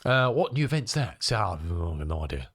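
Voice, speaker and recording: A man streaming live and talking casually to his chat, half to himself as he works. His voice sits fairly low but bounces around lively. The sound is close and dry, with no room around it. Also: moderate pace, no room sound. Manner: chatty, muttering to himself while fixing things, answering chat.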